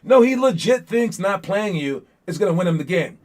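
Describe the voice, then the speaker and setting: A man's voice: high-pitched, expressive, moderate pace, a little mellow. A young man coaching young basketball players in a casual, rambling motivational talk full of fillers and restarts.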